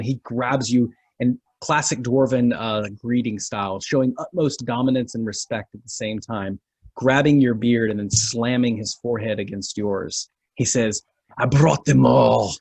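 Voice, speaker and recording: A man narrating as game master of a tabletop fantasy game, with dramatic pauses. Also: mid-range voice, a little mellow, dry recording.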